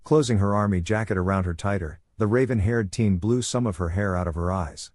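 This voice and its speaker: Man, fan fiction reading, lowish voice, dry close sound, plain narration. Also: a little fast, darkish tone, no room sound. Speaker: fanfiction reader.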